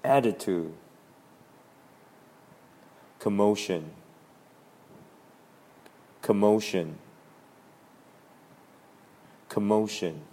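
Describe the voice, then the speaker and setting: A man reading aloud a children's play script, calm and measured. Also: on the low side. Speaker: narrator.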